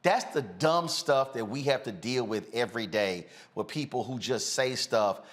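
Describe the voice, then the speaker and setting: Casting: outspoken male host, combative rants, mid pitch. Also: moderate pace. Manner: blunt, combative, animated rants with filler "uh". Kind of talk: outspoken talk show commentary.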